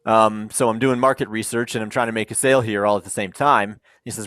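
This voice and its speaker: A man's voice: fairly low pitch, steady tone, fast talker, few pauses, fairly bright tone, no room sound. A man speaking on a panel, telling the story of a startup in a conversational way, with frequent ums, and acting out the people in it.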